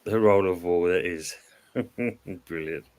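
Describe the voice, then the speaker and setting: A man with a fairly low voice chats casually about football on a live stream, reading viewer comments aloud. He rambles, hesitates over his words and breaks into laughter often. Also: takes it slowly, darkish tone, slight background noise.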